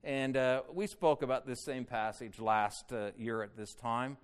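A man preaching a sermon that explains a Bible passage verse by verse, rising loud on quoted cries and dropping low and slow on solemn points. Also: fairly even intonation, clear, resonant tone. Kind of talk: expository sermon.

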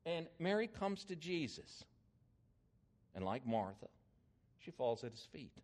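An older man preaching a sermon, telling a story with swings in emphasis and loudness. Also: a little high, big pitch swings, unhurried.

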